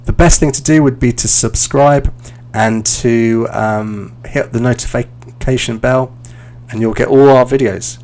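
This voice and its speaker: Teaching English live to viewers, this thirty-something man from London chats casually and responds to their questions as he goes, in a London accent. His medium-pitched voice is a little mellow, with fairly even intonation and a measured pace.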